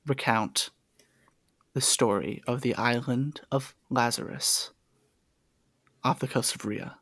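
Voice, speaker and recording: A man narrating a tabletop game as game master in a relaxed, conversational way. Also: mid-range voice, slow pace, no echo. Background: background music.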